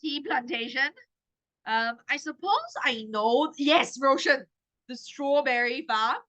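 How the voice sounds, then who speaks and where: A woman's voice: high-pitched, animated, takes it slowly, bright, forceful tone, lo-fi sound. A woman in her thirties with a Malaysian English accent, teaching an exam-prep class in a chatty way, often adding "okay?" to her points. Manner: chatty, tags lines with "okay?". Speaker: tutor.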